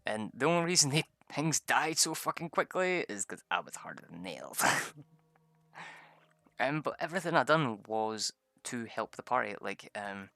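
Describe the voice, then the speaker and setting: Bright-voiced swearing storyteller man. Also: mid-range voice, very animated, moderate pace, gravelly, dry recording. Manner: rambling, swears often, laughs a lot. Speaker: vlogger recounting a tabletop game session. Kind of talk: casual storytelling.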